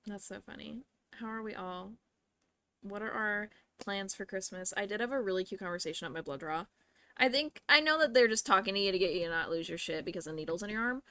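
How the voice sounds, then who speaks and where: Young woman streamer, bright tone, chatty and rambling, casual slang. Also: mid-range voice, vocal fry, dry recording. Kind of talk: casual live-stream chat while gaming.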